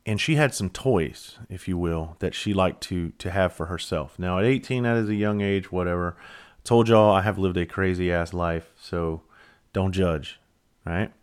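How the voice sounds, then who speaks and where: Guy on his podcast, kinda low voice, cussing and rambling through a story, making fun of himself. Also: a little slow, clean tone. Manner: loose, profane, rambling and self-mocking. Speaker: podcast host. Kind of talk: casual storytelling.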